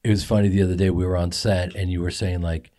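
A man with a fairly low voice hosts a casual podcast interview. He tells stories with animation and showers his guests with praise. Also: quick pace. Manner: animated storyteller, effusive with praise. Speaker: podcast host.

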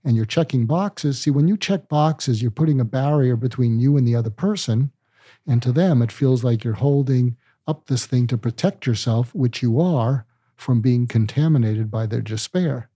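Calm older man, dark husky voice. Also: mid-range voice, no echo, clean studio sound. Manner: calm, deliberate, teaching with medical analogies. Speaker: psychiatrist guest. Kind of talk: explanatory interview talk.

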